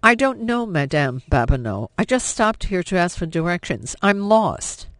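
A man's voice: fairly high pitch, lively intonation, moderate pace, no echo. A man voicing a frightened but defiant young woman who protests in breathless, rising bursts. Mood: panicked.

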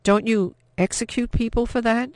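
A man's voice: a little high, very animated, unhurried, vocal fry, no echo, full character voice. Man voicing a fierce, fearful young Frenchwoman. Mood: wary. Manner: sharp, anxious, rising to fury. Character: frightened, angry young French woman.

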